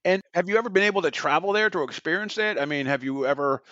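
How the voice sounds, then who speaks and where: A man hosting a podcast, asking questions in a chatty, animated way and laughing easily. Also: a little high, fast, dry recording, muffled recording. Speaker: podcast host. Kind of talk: casual interview.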